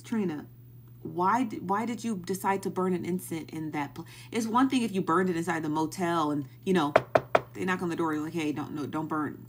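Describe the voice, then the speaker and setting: A woman's voice: on the low side, noisy background. A woman hosting a live stream, chatting casually and asking the same baffled questions again and again while thanking viewers as they join.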